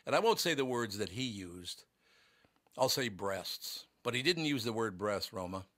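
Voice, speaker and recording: A man's voice: fairly low pitch, expressive, normal speed, a bit bright, no room sound. A man hosting a radio show in a casual, joking, rambling way.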